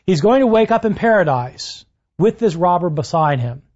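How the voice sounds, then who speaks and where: A man giving a lecture in a fairly high, very lively voice that swings up for quoted lines and drops low to close them. He tells the story with energy and pauses on "uh" as he thinks. The recording sounds a bit dull and lo-fi. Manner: animated storytelling, rises for quotes, frequent "uh" fillers. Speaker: lecturer on the gospels. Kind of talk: university-style lecture.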